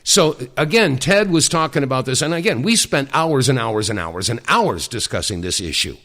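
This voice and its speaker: Emphatic middle-aged talk radio host. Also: male voice, mid-range voice, expressive, a bit bright. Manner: emphatic, deliberate, with many fillers.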